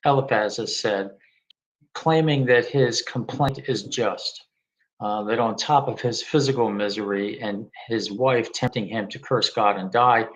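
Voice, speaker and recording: A man's voice: on the low side, rough recording. A man teaching a casual Bible study, speaking unhurriedly with frequent ums and uhs.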